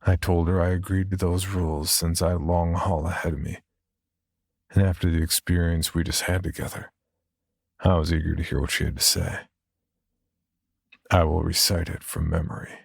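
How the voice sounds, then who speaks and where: Deep husky man narrating horror. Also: fairly even intonation, normal speed, pauses often, no room sound, studio quality. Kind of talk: first-person horror story narration.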